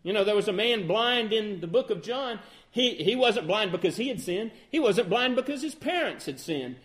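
High-voiced man preaching a sermon. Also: expressive, moderate pace. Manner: emphatic, swinging between loud outbursts and quiet low phrases.

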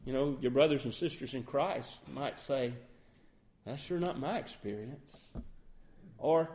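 A man's voice: medium pitch, a little slow, a little mellow. A middle-aged man preaching a sermon in an earnest way, often asking his listeners questions and acting out sample phrasings. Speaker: lay preacher.

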